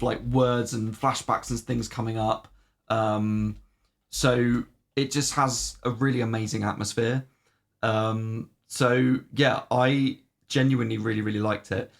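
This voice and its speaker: In a gravelly voice on the low side, a man talks at a measured pace with a level tone. He's a podcast co-host casually reviewing games, rambling along with plenty of "um"s and some offhand swearing.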